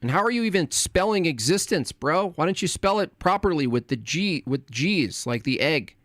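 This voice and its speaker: A man's voice: fairly high pitch, animated, moderate pace, fairly bright tone, no room sound, studio quality. A man streaming live, reading his chat aloud and answering it with sarcastic, combative mockery.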